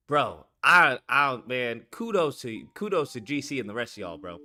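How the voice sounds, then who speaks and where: Excitable, profane young man, bright voice. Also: mid-range voice, normal speed, hardly any pauses, faint music behind. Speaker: streamer host. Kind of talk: casual chat to viewers.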